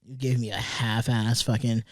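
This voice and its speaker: A man's voice: mid-range voice, level tone, moderate pace, no echo. A young man hosting a solo podcast, rambling through casual commentary with lots of swearing and sarcastic asides, recorded in a studio. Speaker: podcast host.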